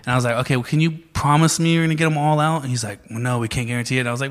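A man's voice: medium pitch, rapid-fire. Profane man telling a wild story. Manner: profane, animated storytelling, acts out quotes. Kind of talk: casual chat.

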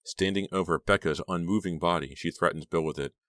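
A man narrating a horror audiobook in a steady, dramatic reading. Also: low-pitched, fairly quick, no room sound, studio quality.

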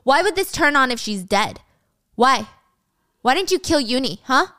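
A woman voicing an angry, desperate teenage boy who shouts accusations at his friend in a drama recap. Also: sits high, very animated, moderate pace, dry recording, clean studio sound, exaggerated voice. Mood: accusing. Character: furious, desperate teenage boy, a trapped mafia player.

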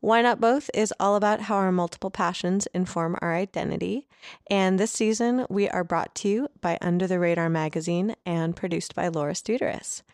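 A woman's voice: lowish voice, fairly even intonation, moderate pace, a little mellow, no echo, distant mic. A woman hosting an interview podcast, chatting casually and laughing often. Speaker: podcast host. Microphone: remote recording.

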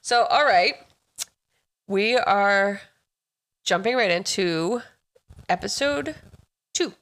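A woman co-hosting a relaxed home podcast, chatty and enthusiastic. Her voice sits at an ordinary middle pitch. She moves easily between banter and reading from her notes. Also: slow. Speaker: podcast co-host. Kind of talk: casual chat.

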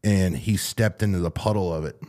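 Very deep-voiced man telling crude stories. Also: fairly quick, darkish tone. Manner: crude joking storyteller, swears freely. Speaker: podcast host. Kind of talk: casual podcast banter.

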